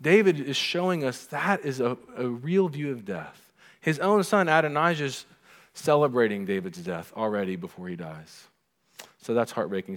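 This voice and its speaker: Man preaching in an echoing hall. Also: medium pitch. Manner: animated preaching, acting out quoted lines. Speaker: pastor. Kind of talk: sermon. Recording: long reverb of a hall.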